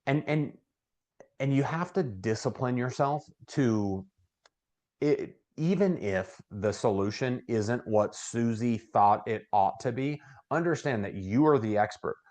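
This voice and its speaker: A middle-aged man giving casual sales training, talking conversationally and acting out client conversations in a brighter voice. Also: medium pitch, expressive, unhurried.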